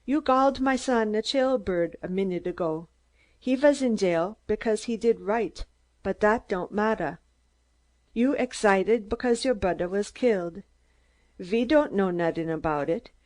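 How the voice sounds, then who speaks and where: A woman's voice: mid-range voice, unhurried, a little mellow, natural voice. A woman reading an audiobook, voicing a heavy, menacing man who speaks blunt, broken English. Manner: blunt, threatening, ungrammatical.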